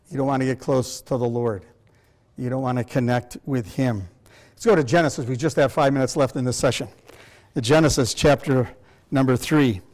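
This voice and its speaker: A man's voice: medium pitch, a little mellow. An older man preaching a sermon to a congregation, emphatic and full of rhetorical questions. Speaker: pastor.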